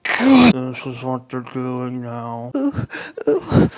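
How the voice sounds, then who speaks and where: A woman's voice: rumbling low, very animated, slow, darkish tone, highs cut off. A woman reacting to a cartoon with sarcastic remarks, groans and exaggerated outbursts. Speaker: video creator. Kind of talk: reaction commentary while watching a cartoon.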